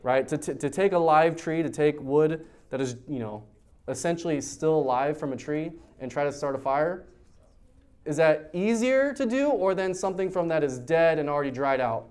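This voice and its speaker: A youth pastor with a somewhat high, expressive, slightly mellow voice and a clean tone speaks at a moderate pace. He teaches a verse-by-verse sermon at a church youth service in a conversational way, putting questions to his listeners.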